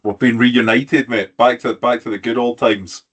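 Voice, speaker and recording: A man's voice: mid-range voice, steady tone, normal speed, slightly rough, lo-fi sound. A man co-hosting a rugby podcast, bantering in a laid-back way. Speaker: podcast co-host. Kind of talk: casual chat.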